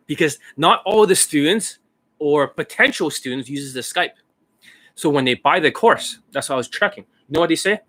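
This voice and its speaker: A man of medium pitch holds forth as a dating coach in a loose, casual monologue. He swears freely and mocks his students, slipping into higher voices to imitate them. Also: a bit bright. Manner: profane, mocking, acts out students in raised voices.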